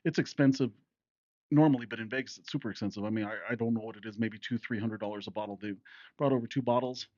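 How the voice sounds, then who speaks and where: A man's voice: lowish voice, fast, a little mellow, no echo, lo-fi sound. A middle-aged man co-hosting a podcast, chatting casually and chuckling often as he adds to the story. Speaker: podcast co-host. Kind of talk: casual chat.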